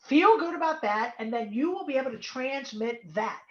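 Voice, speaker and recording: A woman's voice: high-pitched, expressive, moderate pace, roomy sound, highs cut off. A woman speaking as a guest in an online talk, giving emphatic and encouraging advice over a video call. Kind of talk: webinar talk.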